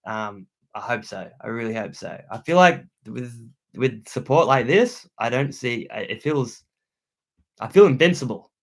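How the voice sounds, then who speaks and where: A man's voice: medium pitch, animated, unhurried. A young Australian man hosting a livestream from a room at home, reading viewer comments aloud and thanking them in laid-back slang. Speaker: outdoor channel host.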